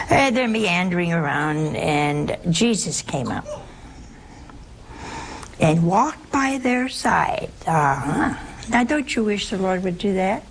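A woman's voice: sits low, gravelly, slight background noise. A woman teaching a Catholic Bible lesson to a group in a conversational way, asking her listeners questions and acting out the quotes. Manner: conversational, asks the audience questions, acts out quotes. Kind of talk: lively scripture teaching to a group.

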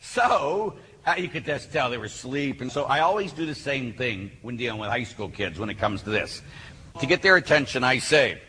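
A man, a Catholic priest, preaching a sermon and telling stories with lively acted-out voices. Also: medium pitch, normal speed. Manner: animated storyteller who acts out voices. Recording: hall reverb, faint background noise.

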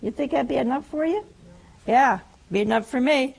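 An older woman preaching a sermon, humorous and animated, acting out the quotes she tells. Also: high-pitched, moderate pace, creaky, breathy edge.

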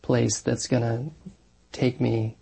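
A man, a married Catholic parish priest, answers questions in an earnest, thoughtful way, pausing on fillers as he goes. His voice is mellow and dark with a gravelly edge and a husky breathiness. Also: mid-range voice, level tone. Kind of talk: conversational interview answers.

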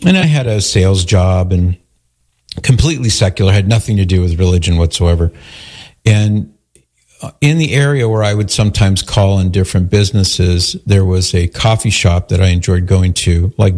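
A man's voice: deep voice, normal speed. A man hosting a call-in radio show, telling a personal story and acting out the people in it. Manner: storytelling, animated when quoting others.

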